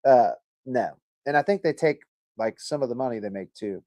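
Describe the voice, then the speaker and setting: A man's voice: medium pitch, lively intonation, brisk, a little mellow, no echo. A man hosting a livestream, chatting casually and reading viewer comments, rambling, joking and swearing a lot. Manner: laid-back and rambling. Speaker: livestream host.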